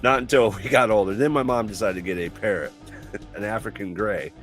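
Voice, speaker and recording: A man's voice: on the low side, a little fast, fairly bright tone, soft background music. A man in casual chat on a live show, telling long stories and laughing often.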